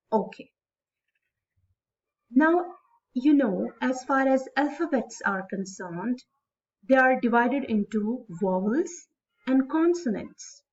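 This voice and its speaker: A woman English instructor with a Pakistani English accent giving a recorded lecture, speaking slowly and stretching words out syllable by syllable. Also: on the high side, darkish tone. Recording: distant mic, dull lo-fi sound.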